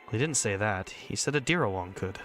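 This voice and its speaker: A man's voice: fairly low pitch, animated, brisk, fairly bright tone, soft background music. Man voicing Doug, loyal earnest boy. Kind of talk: visual novel reading.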